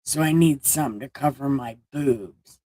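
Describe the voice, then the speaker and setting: A woman's voice: rumbling low, normal speed, dark tone, no echo. A woman voicing a breezy, easily charmed first woman in a comic retelling.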